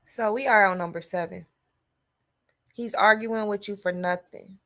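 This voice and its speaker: A woman hosting a podcast, delivering a loud, animated comedic monologue to her listeners. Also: medium pitch, a little slow. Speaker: podcast host.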